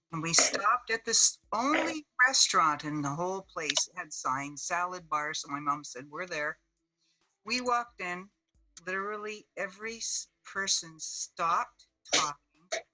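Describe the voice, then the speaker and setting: A woman's voice: on the low side, bright, forceful tone, poor audio. A woman from Canada on a video call, telling a story in a chatty, emphatic way. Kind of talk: casual storytelling.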